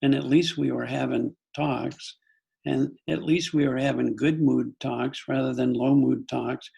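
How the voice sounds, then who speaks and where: A husky, gravelly older man speaks as a psychologist guest in a podcast conversation. He reflects on family life through anecdotes, often stopping to restart a thought. The delivery is thoughtful and unhurried. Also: mid-range voice, fairly even intonation, mellow.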